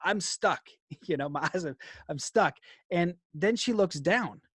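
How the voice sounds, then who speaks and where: A young man telling a story as a guest in an interview, animated, laughing often and filling his talk with "like". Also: high-pitched, a little slow, breathy edge, dry recording, clean studio sound.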